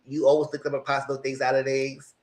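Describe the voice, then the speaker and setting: A man giving a casual live recap of a reality dating show, animated and slangy, with mocking asides to the contestants. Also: mid-range voice, a little fast. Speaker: reality TV reviewer.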